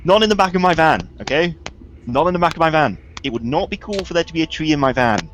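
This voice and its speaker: A man doing a firm, exasperated outlaw who keeps talking down an overeager machine. His pitch swings widely, with faint ambience behind. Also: animated, fast, fairly bright tone, slight background noise.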